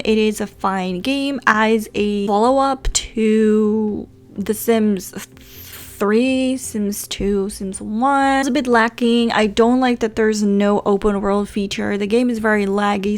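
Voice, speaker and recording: A young woman whose first language is Dutch, chatting casually as a gaming YouTuber, rambling and self-deprecating. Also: medium pitch. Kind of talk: casual chat.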